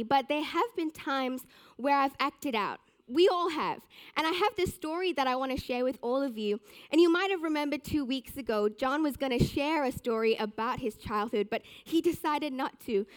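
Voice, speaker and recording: A young woman giving a sermon, telling a personal story with animated, self-mocking humor. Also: sits high. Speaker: church speaker.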